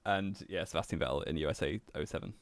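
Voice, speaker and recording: A man's voice: a bass voice, fast talker, creaky. A young man co-hosting a podcast, dry and teasing, laughing often. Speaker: podcast co-host. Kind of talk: casual chat.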